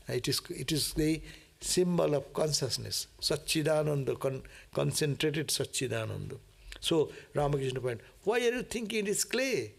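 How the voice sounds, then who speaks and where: A monk leads a scripture class, reading passages aloud and unpacking them in a chatty way, often tacking on "no?" and laughing. His voice is on the high side, gravelly and slightly rough, and he acts out the prayers as he goes.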